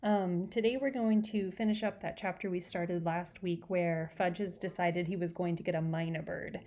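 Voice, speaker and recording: A woman teacher reading a children's chapter book aloud to her class, in a warm, expressive storytelling manner. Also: on the low side, moderate pace.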